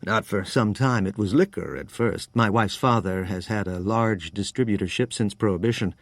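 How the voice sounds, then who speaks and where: Narrator as a tired New York wine man in his forties, frank and wry, low and unadorned. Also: moderate pace, no echo. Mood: weary. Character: weary mid-forties American wine trader.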